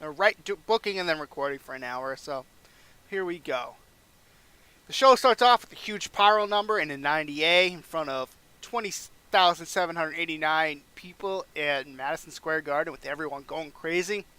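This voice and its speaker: A man casually recaps a wrestling management game, reading out match scores. His voice sits a little high, bright and crisp, with a dry, close sound. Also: moderate pace, no echo. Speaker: game playthrough narrator.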